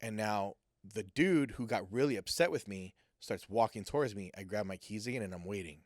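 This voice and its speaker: A man with a fairly low voice tells a personal story in a loose, casual way. He gets animated and acts out what people said. The recording is close and dry, with no room sound. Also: moderate pace, no echo. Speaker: guest sharing a personal testimony.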